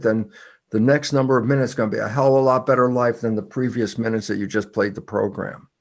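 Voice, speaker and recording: An older man speaks as a guest, with a husky, slightly breathy voice at a middle pitch. He drives his points home with rhetorical questions and makes big jumps in pitch for emphasis. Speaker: guest, biologist and author. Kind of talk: animated storytelling in conversation.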